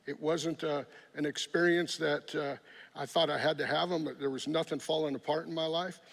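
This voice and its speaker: Middle-aged guy telling his story, gravelly and kinda husky, big echoey hall. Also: a little high, fairly even intonation, moderate pace, fairly bright tone. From San Jose, California. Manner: earnest, plainspoken, with frequent restarts. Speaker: guest giving testimony. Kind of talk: personal testimony. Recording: long echoey hall reverb.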